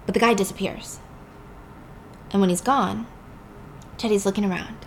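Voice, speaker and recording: A woman host casually retelling a film plot, animated and emphatic. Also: medium pitch, normal speed, slight background noise. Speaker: podcast host. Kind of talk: casual film recap storytelling.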